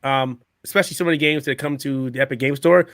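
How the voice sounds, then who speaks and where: A man co-hosting a casual gaming podcast, hoarse from a cold, explaining in a relaxed way with small restarts. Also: mid-range voice, quick pace, no room sound, studio quality. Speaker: podcast co-host. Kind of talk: casual chat.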